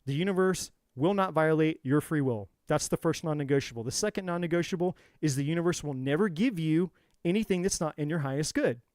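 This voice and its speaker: A man talks to his viewers as a tarot reader in a fierce, preachy monologue, swearing freely and repeating his lines for force. His voice sits a little high for a man. The sound is close and dry, with almost no room echo. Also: brisk, darkish tone. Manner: intense, profane, preachy, repetitive. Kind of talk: motivational monologue.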